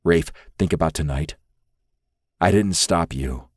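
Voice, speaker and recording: A man voicing an earnest male lover, a secret federal agent, pleading in a soft, low, urgent way. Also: unhurried, breathy edge, dry recording, studio quality.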